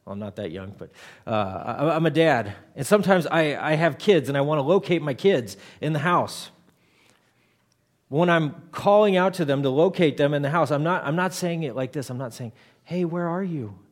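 A man's voice: on the high side, animated, moderate pace. A man in his thirties, a pastor giving a conversational sermon, often repeating words as he starts a thought.

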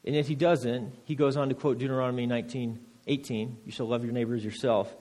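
A man pastor giving a sermon, reading scripture slowly and then preaching with rising emphasis and repeated words. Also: medium pitch, steady tone, darkish tone. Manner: repeats words when restarting phrases. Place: church.

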